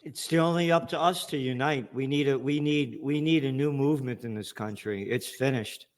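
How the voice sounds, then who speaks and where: A man's voice: medium pitch, normal speed. A man hosting an interview, speaking bluntly and often restarting his sentences. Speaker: host.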